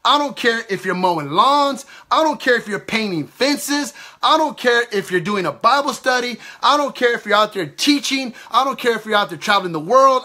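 High bright-voiced man preaching. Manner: emphatic, repetitive, acts out quoted exchanges. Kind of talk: impassioned sermon.

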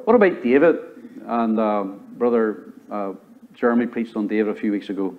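A man with a Southern US accent preaching a sermon as pastor, rising to loud high exhortation and dropping to low, quiet emphasis. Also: moderate pace, narrow, tinny audio. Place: church sanctuary.

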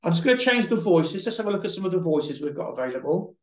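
Presenting a webinar, a man patiently explains and demonstrates phone accessibility features, sometimes restarting a phrase or repeating himself. His voice is high-pitched, very animated and fast, and the room is echoey.

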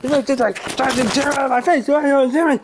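A performer playing a hot-tempered old grandpa in a home comedy skit, yelling and repeating himself. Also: sits high, fast, noisy background. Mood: furious. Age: over 60. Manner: shouting, ranting, repeating himself.

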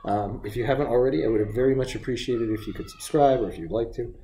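A man's voice: medium pitch, fast talker, mellow. Patient man explaining English grammar. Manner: patient, stops to correct his own slips. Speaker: English teacher. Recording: echoey room with faint background noise.

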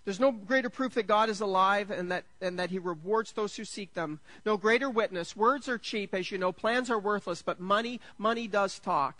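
A man, preaching a sermon as pastor. He is jokey and self-deprecating, stumbles over restarts, and builds to excited peaks. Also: high voice, moderate pace, hardly any pauses, no room sound, low-quality recording.

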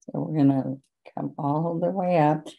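Slow, low-voiced painting teacher woman. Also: fairly even intonation, vocal fry, narrow, tinny audio. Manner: chatty, gentle step-by-step guidance. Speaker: painting instructor. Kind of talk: relaxed painting demonstration.

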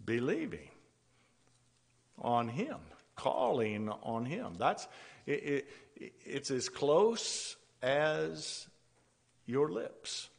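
Man preaching, slow, halting, repeats words, long church reverb. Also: a little high, sing-song, creaky. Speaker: pastor. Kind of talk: sermon. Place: church sanctuary.

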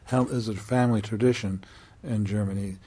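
A man hosting an interview show, asking guests quick clarifying questions and often cutting in. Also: fairly low pitch, steady tone, dark tone, breathy edge. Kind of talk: casual interview.

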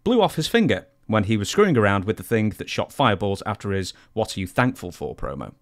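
A man's voice: fairly low pitch, very animated, quick pace, dry recording, studio quality. A man hosting an interview, reading out a viewer's question with a few hesitant fillers. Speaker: interview host.

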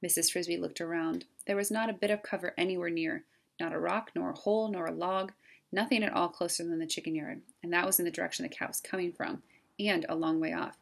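A woman reading a children's novel aloud in a calm, steady storytelling way. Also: on the low side, quick pace, vocal fry. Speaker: storybook reader.

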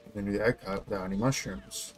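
A man's voice: lowish voice, fairly even intonation, very fast, faint music behind. A young man chatting casually while racing in a video game, laid-back but laughing a lot and shrieking when surprised. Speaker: gamer.

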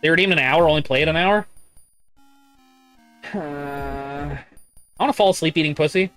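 A man's voice: fairly high pitch, moderate pace, a bit bright, soft background music. A man live-streaming a game, chatting casually, reading chat aloud and swearing often. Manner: profane, rambling, reads chat aloud.

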